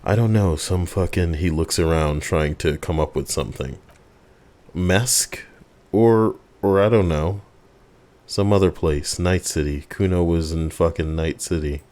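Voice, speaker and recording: A man playing a video game, reading its dialogue aloud in a low-key drawl with sighs and cursing. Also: unhurried, darkish tone. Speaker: let's play gamer.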